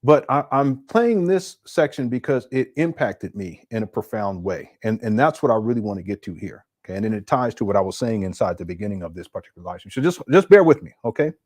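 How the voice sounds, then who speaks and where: A man's voice: on the low side, lively intonation, fast talker, hardly any pauses, a little mellow. A man hosting a live stream, commenting casually in a rambling way, often repeating and stumbling over his words.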